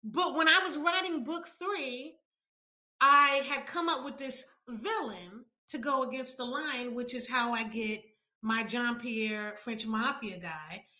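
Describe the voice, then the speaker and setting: A woman author chatting in an interview, telling stories with lively acted-out quotes and frequent laughter. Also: fairly high pitch, slow. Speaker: romance author guest. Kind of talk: casual interview chat.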